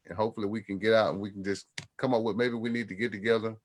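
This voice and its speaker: Low-voiced man hosting a talk show. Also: little pitch movement, rapid-fire. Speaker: host. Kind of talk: casual talk show wrap-up.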